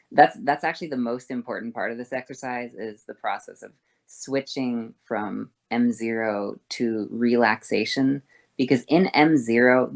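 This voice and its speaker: A woman voice teacher explaining vocal fold exercises, moving between a harsh, thick sound and a soft, thin one, over a voice call. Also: a bass voice. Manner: switches between harsh fry and soft breathy tones.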